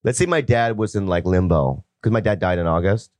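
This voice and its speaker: Man, low voice, guest comedian, blunt and rambling, dry close sound. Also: brisk, darkish tone, no echo. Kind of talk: casual podcast banter.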